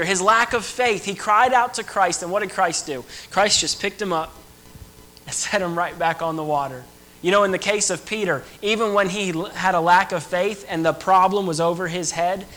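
A young man delivers an earnest, emphatic sermon to a church, his intensity rising and falling. His voice is a little high and a bit bright, and the recording is rough.

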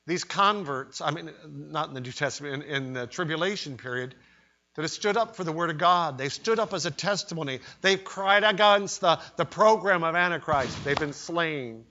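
A man preaching a sermon in an emphatic way, rising to loud cries when he voices quoted pleas. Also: fairly high pitch. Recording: dull lo-fi sermon recording.

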